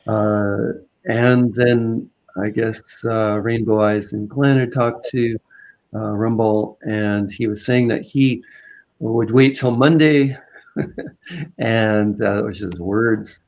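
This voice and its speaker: A man from Southern Vancouver Island, a guest in a conversation, telling a story casually in halting phrases full of fillers and restarts. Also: fairly low pitch, steady tone, darkish tone, rough recording. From Southern Vancouver Island, Canada.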